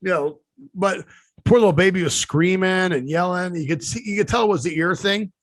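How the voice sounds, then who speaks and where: Guy with a pretty high voice rambling through a story, lots of ums, dry close mic. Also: a little fast, dry recording. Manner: rambling storyteller, many fillers and restarts. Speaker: podcast co-host. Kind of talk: casual chat.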